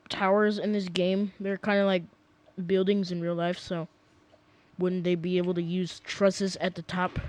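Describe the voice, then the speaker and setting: A man's voice: high-pitched, darkish tone. A young man casually rambling through gameplay commentary at home, often sidetracked and full of fillers. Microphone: desk mic.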